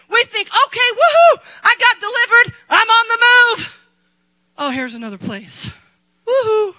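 A middle-aged woman pastor preaching a sermon, impassioned, rising to shouts and dropping to quiet asides. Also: extremely high pitch, low-quality recording.

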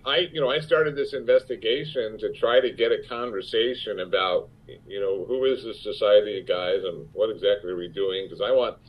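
A man, an actor, speaking frankly in a conversational interview, halting with restarts and rising sharply when he makes a point. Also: on the low side. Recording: muffled lo-fi audio.

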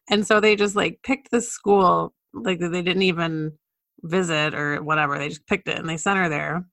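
A woman co-hosting a podcast, casually telling stories and trivia in a relaxed way. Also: lowish voice, moderate pace, creaky, dry recording, clean studio sound. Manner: relaxed storytelling, sharing facts with soft laughs. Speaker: podcast co-host. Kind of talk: casual chat.

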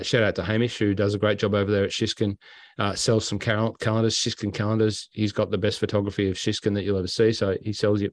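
A man with a lowish voice and an Australian accent recounts travel stories casually as a podcast host. He's animated, acting out quotes and sounds, and the recording is dry.

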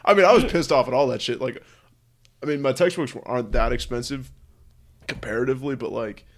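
A young man, a student, telling a story to a friend in animated casual chat, swearing often and acting out what people said. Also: medium pitch, brisk. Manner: animated storytelling, heavy swearing, quotes himself in raised voice.

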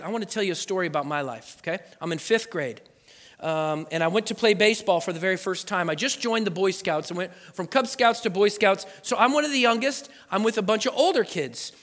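A man's voice: high-pitched, a little fast. A man from Oregon preaching a sermon, telling a personal story with lots of animation and acted-out voices. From Oregon, USA. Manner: animated, acts out voices and sound effects. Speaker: pastor. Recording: long hall reverb.

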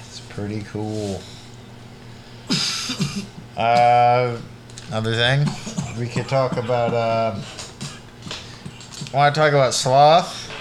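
A man's voice: medium pitch, noisy background. Laid-back rambling male podcast co-host. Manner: rambling, laid-back, joking, many "like" and "literally" fillers. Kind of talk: casual chat.

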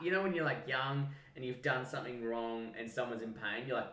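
An Australian man and podcast co-host telling an animated, sweary story in casual chat. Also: mid-range voice, brisk, hardly any pauses, distant mic. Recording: roomy sound, mic set back.

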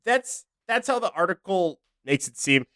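A young man co-hosting a casual comedy podcast. His pitch sits a bit high and swings widely as he jokes, often leaping into squeaky mock voices. The sound is close and dry. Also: moderate pace, no echo. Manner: animated, jokey, jumps into high mock voices. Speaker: podcast co-host.

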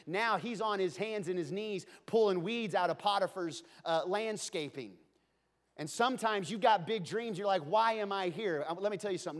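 A man preaching a sermon in a conversational, joking style that swings between playful asides and earnest points. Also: high-pitched. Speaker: pastor.

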